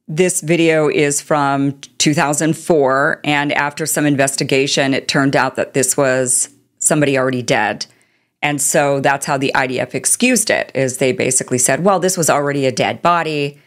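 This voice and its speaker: A woman's voice: sits low, fairly even intonation, normal speed. A woman hosting political commentary, talking in an indignant, sarcastic way. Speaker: commentary host.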